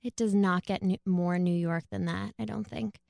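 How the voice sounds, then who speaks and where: A woman's voice: medium pitch, steady tone, normal speed, vocal fry, darkish tone, no room sound, studio quality. A woman co-hosting a podcast in casual, upbeat chat, laughing easily. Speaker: podcast co-host.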